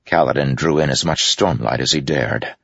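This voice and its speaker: Male audiobook narrator, extremely deep and gravelly, measured and grave. Dry, dull recording. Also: a bit bright, no echo. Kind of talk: scripted fantasy narration.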